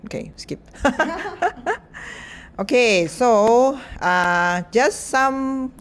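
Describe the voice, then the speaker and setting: Slow-talking woman lecturer. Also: on the high side, lively intonation, a little hiss or hum. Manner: chatty, many fillers and little laughs. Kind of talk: informal lecture talk.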